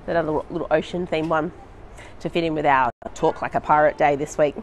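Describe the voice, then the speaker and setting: A woman's voice: sits low, steady tone, quick pace, slight background noise. A young woman running a live baby and toddler session at a library, singing nursery songs and chatting to parents between them, laughing often. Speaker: children's librarian.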